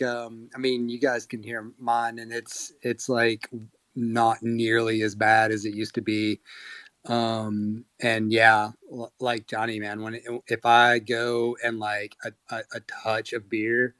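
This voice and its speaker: A man's voice: mid-range voice, a bit bright, smooth, no room sound. A man with a Texas drawl in casual chat, easygoing and rambling, with frequent swearing.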